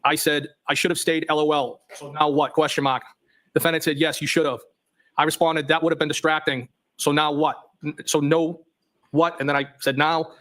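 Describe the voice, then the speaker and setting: A man on the witness stand reads out a chain of text messages, calling out every question mark along the way. His voice sits a bit high for a man. He delivers it plainly, in a courtroom. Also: flat delivery, normal speed, a bit bright. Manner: reads plainly, voicing punctuation marks. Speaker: trial witness.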